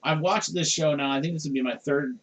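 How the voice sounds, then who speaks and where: A man's voice: on the high side, a little fast, rough recording. A middle-aged man hosting a podcast, chatting casually and rambling with plenty of fillers. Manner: rambling, animated, chuckles often. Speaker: podcast host. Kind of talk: casual chat.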